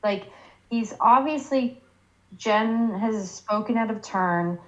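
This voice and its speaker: A woman's voice: a little high, slow pace, highs cut off. A woman co-hosting a casual podcast, blunt and opinionated, who swears freely.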